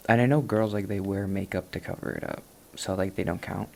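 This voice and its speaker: A man's voice: fairly low pitch, brisk, creaky, few pauses, warm tone. A man chatting casually while he plays, rambling and self-deprecating. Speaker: gaming vlogger.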